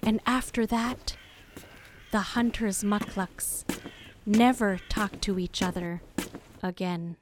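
Slow whispering woman storyteller. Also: medium pitch, slight background noise. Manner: slow, deliberate, dropping to whispers for suspense. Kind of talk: oral folktale narration.

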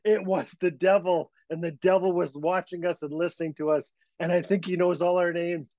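A terrified eleven-year-old boy, as a man puts him on, pitched up and pushing out his words in a frantic rush. The sound is dull and lo-fi. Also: fairly even intonation, moderate pace, darkish tone, no room sound. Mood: frightened. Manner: frantic, breathless insisting.

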